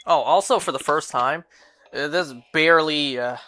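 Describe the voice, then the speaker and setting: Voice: mid-range voice, moderate pace, bright, forceful tone, soft background music. A streamer chatting casually during a live game, rambling and reacting with disbelief to what chat says.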